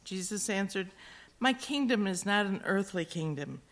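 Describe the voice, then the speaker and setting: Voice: mid-range voice, animated, moderate pace, fairly bright tone. A plain voice reading scripture aloud, with a few small slips. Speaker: scripture reader. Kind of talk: Bible reading.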